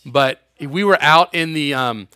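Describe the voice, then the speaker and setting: A man's voice: on the high side, measured pace, sharp tone, smooth, no room sound, clean studio sound. A young man preaching a sermon in a casual, joking way, acting out quotes and using sarcasm. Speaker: youth pastor.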